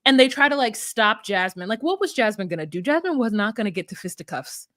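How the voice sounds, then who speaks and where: A woman's voice: mid-range voice, animated, fairly bright tone, no echo, clean studio sound. A woman co-hosting a podcast, recapping reality TV in a playful, theatrical, casual chat over a home mic. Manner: playful, theatrical, quick asides. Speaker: podcast co-host.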